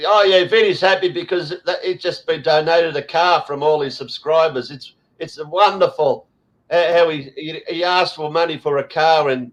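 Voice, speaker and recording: Aussie guy, bit high voice, blunt sweary rant, lots of ums. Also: fairly even intonation, moderate pace, rough recording. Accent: Australian. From Australia. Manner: blunt, sweary ranting with frequent fillers. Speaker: host. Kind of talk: casual chat.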